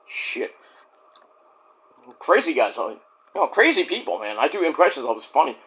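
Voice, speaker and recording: A man rambling through a wrestling review in a crude, profane and jokey way. His voice is high and bright, and his pitch swings widely from line to line. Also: sing-song, normal speed, long pauses. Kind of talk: casual rant review.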